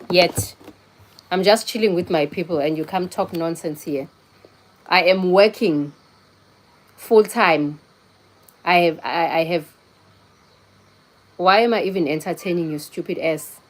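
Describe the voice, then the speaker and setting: A young woman hosting a casual livestream on her phone, chatting bluntly with viewers and scolding people in the comments. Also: on the low side. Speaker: livestream host. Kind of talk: casual live-stream chat with viewers.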